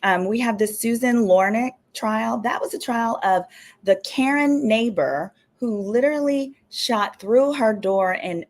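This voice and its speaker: A woman's voice: on the high side, unhurried. A woman lawyer hosting a casual livestream, chatty and sassy, full of exasperated asides. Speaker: attorney and show host.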